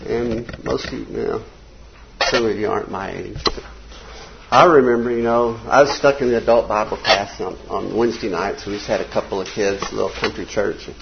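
An older man, teaching a casual Bible class in a small church classroom, folksy and conversational, reading quotes slowly. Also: lowish voice, creaky, highs cut off, background noise.

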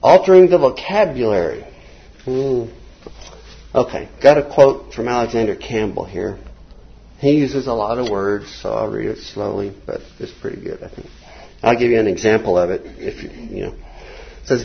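A man teaching an informal Bible class from slides, rambling between points and reading quotes slowly and emphatically. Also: medium pitch, expressive, gravelly. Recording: dull lo-fi recording.

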